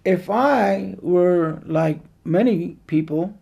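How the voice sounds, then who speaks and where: A man preaching a sermon, with earnest, drawn-out emphatic phrasing and a gravelly voice. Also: high voice, mellow, highs cut off.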